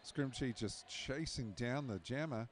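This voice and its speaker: A man's voice: mid-range voice, unhurried, slight background noise. A man co-commentating live roller derby with upbeat, playful banter.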